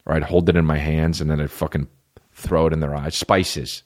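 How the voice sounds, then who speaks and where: A man's voice: rumbling low, level tone, moderate pace. A man hosting a podcast, rambling in a casual comedic monologue full of swearing while he riffs on listener questions. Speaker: podcast host.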